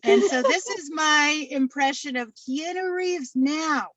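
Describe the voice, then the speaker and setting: A woman doing a stand-up comedy set, deadpan, with many fillers and repeated punchlines. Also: high voice, takes it slowly, dry recording.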